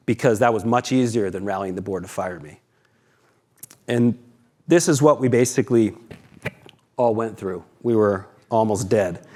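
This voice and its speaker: Candid, swearing founder from on stage. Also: male voice, fairly low pitch. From Boston, USA. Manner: candid, profane, dramatic storytelling with acted quotes. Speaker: keynote speaker, company founder. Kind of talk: conference keynote storytelling. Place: conference stage.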